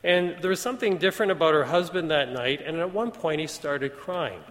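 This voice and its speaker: A man preaching, retelling a story in an even storytelling manner with quoted dialogue. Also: fairly high pitch, a little fast. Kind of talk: sermon storytelling. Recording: long hall reverb.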